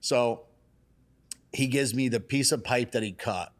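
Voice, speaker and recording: A man, a salon owner, telling a story in casual chat, animated and cursing freely. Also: medium pitch, a little slow. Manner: animated, acts out quotes in raised excited voices. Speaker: salon and barbershop owner, guest.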